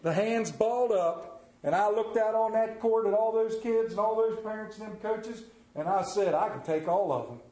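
A middle-aged man preaching a sermon in a folksy storytelling way, his voice sitting fairly high. He drops to a hush for tender moments and rises to loud, emphatic preaching. The sound rings with the echo of a church sanctuary. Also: moderate pace, few pauses. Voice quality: folksy Southern drawl talk with "ain't" and "y'all".

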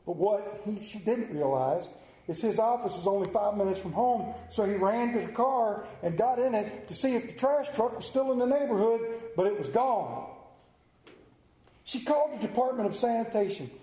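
A man's voice: high-pitched, lively intonation, normal speed, warm tone, reverberant. A man preaching a sermon in a church, telling a folksy story and asking the congregation questions. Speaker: pastor. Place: church sanctuary.

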